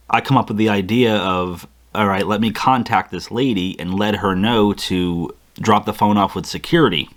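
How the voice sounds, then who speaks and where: Man recounting a story, low voice. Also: moderate pace, hardly any pauses. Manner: animated retelling with frequent restarts and acted-out inner quotes. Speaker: vlogger. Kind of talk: casual storytelling to camera.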